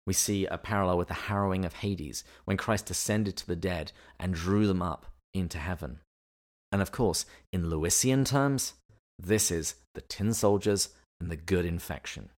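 Podcast co-host, male, very low voice, measured and explanatory; a teacherly podcast discussion. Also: a little mellow. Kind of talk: podcast discussion of literature and theology.

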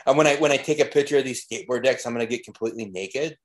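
A man with a middle-pitched, everyday voice joins a podcast chat. He jokes crudely and keeps the talk loose. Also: racing. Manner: crude, joking banter. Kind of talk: casual chat.

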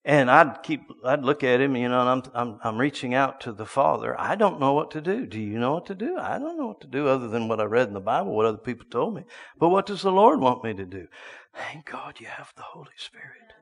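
Preacher in a reverberant hall. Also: male voice, medium pitch, big pitch swings, fast talker, creaky. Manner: storytelling, swinging from hushed to loud bursts. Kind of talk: sermon.

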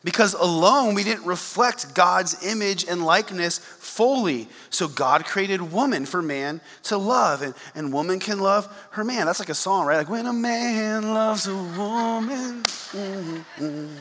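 A pastor preaching a lively sermon, reading scripture and breaking off into jokey asides. His voice is bright and forceful, pitched a little high for a man. The sound carries the long reverb of a large hall. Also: normal speed, hardly any pauses.

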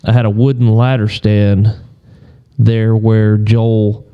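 A man on a podcast telling a hunting story in a relaxed, rambling way, often clearing his throat. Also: lowish voice, takes it slowly, dull audio. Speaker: podcast co-host.

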